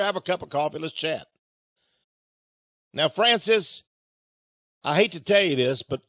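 A man hosting a radio program, ranting sarcastically and swinging between loud outbursts and low mutters. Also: dry recording.

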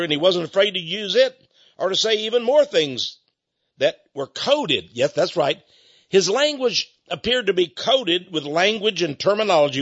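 A man hosting a radio ministry talk show, pitching a book and then commenting emphatically. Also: breathy edge, dull audio. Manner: emphatic, animated delivery.

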